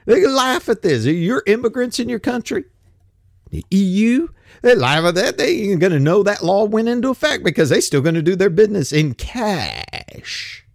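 A man's voice: sits high, big pitch swings, normal speed, vocal fry, no room sound, studio quality. A man giving a blunt, profane, rambling opinion monologue. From United States. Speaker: commentator.

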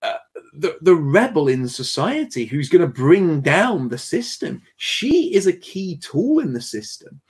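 A man hosting a livestream panel chat, reading viewer messages aloud with animated energy and frequent laughter. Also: a little high, unhurried, breathy edge. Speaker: host.

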